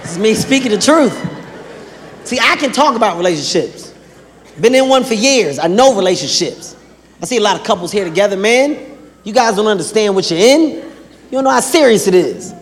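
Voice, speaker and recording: A man's voice: high-pitched, lively intonation, moderate pace. A man doing stand-up comedy, brash and profane, acting out scenes. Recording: reverberant venue with crowd.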